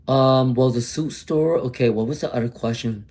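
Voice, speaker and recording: A man's voice: mid-range voice, darkish tone, breathy edge. Guy doing a tarot live stream, chatty, talks to viewers by name, kinda mumbly when he's looking stuff up. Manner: chatty, answers viewers by name, mutters while searching.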